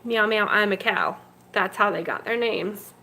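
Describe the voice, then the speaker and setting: A woman's voice: mid-range voice, a little slow, pushed and bright. A woman hosting a casual livestream from her home fish room, chatting fondly and cooing at her fish while carrying the camera around. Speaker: betta fish breeder and channel host. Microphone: handheld camera moved around the room.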